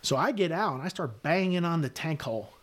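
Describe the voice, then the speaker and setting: A man's voice: on the high side, lively intonation, a little fast. A middle-aged man, a retired Army sergeant major, recounting a combat story as a podcast guest in blunt, vivid words with frequent fillers and swearing.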